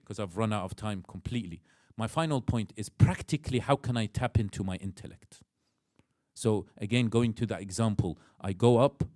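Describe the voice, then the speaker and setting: Speaking with an Iraqi accent and a fairly low pitch, a man gives a lively mosque lecture on religion, acting out inner voices and questioning his listeners. The audio has studio quality and no room sound.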